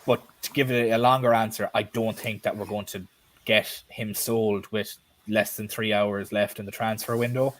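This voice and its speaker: A man's voice: lowish voice, level tone, moderate pace. A man co-hosting a live stream, chatting bluntly and casually and swearing now and then.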